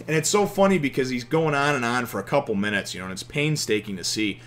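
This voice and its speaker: A man in his thirties casually reviewing a comic chapter from his home office, animated and emotional, swearing now and then. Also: medium pitch, quick pace, hardly any pauses.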